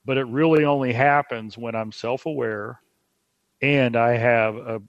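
A man speaking as a podcast guest, explaining coaching ideas in a measured way. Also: medium pitch, fairly even intonation, dry recording, muffled recording. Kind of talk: podcast conversation.

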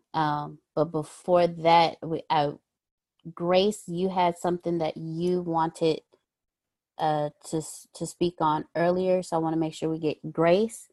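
Brief: low-voiced female moderator, flat and orderly, dry close audio. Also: no echo. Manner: polite, orderly, gives turns to speakers. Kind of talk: moderating a group discussion.

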